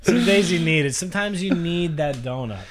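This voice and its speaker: A man's voice: a little high, expressive, normal speed, very noisy. A man co-hosting a podcast, teasing his partner with loose, jokey banter. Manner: teasing, jokey, drops to mumbles. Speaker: podcast co-host. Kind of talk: casual comedic chat.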